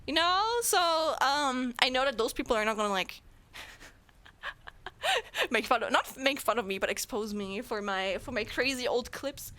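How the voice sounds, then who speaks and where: A woman's voice: a little high, lively intonation, moderate pace, sharp tone. A young woman from Germany with a German accent, English not her first language, chatting casually and playfully with her live chat as a streamer. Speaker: Twitch streamer.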